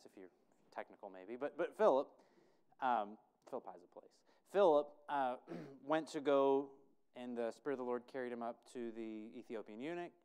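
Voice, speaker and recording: A pastor talks through his sermon in a loose, conversational way, often pausing to quiz the congregation. His voice is smooth and clear. Its pitch sits in a medium range for a man. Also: a little mellow. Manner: conversational, quizzing listeners, thinking aloud.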